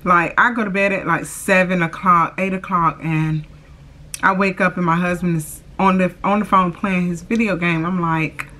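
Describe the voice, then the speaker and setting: A woman's voice: on the low side, fairly even intonation, moderate pace, pushed and bright. A young woman chatting casually to camera, drawling "y'all" and filling her talk with "like" and "oh my gosh". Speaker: vlogger.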